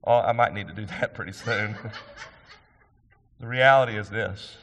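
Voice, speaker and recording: Middle-aged man pastor, emphatic sermon delivery, bright forceful tone, long hall reverb. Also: fairly low pitch, measured pace, slight background noise. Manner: earnest, emphatic preaching with rhetorical questions.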